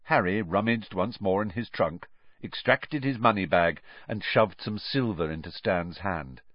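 A man narrating an audiobook in an expressive storytelling manner. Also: low-pitched, a little slow, no room sound. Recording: dry, slightly muffled.

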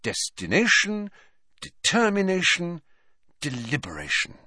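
A man voicing a brisk, impatient, clever teenage girl in an audiobook. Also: high voice, wildly swooping pitch, pushed and bright, no room sound, clean studio sound, voice pushed up, full character voice.

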